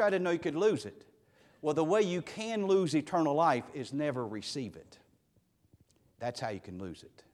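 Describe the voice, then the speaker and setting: A man preaching a sermon as pastor, emphatic and repeating key phrases for weight. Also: high-pitched. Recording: long hall reverb.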